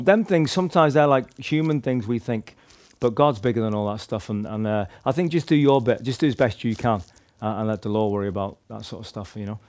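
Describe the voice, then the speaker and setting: Fairly low and darkish, a man's voice tells casual stories of his street evangelism without any echo. The testimony rambles, restarts often and leans on "like" and "you know".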